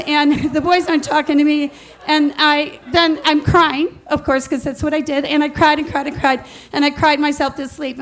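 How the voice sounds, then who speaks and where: A middle-aged woman telling a personal story to an audience, animated and laughing as she goes, acting out what others said. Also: high-pitched.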